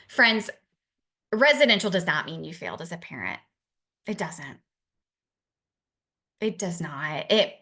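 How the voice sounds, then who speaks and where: A young adult woman talks to worried parents in an earnest, reassuring way. Her voice sits on the low side. She leans on repeated phrases to drive each point home. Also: sharp tone. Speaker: family support speaker for parents. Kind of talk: talk to parents.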